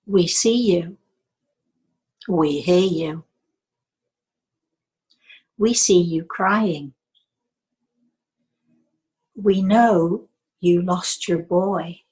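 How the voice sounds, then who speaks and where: A woman voicing a solemn little spirit boy, speaking slowly and repetitively in a soft, hushed way. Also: lowish voice, slightly rough, heavily acted.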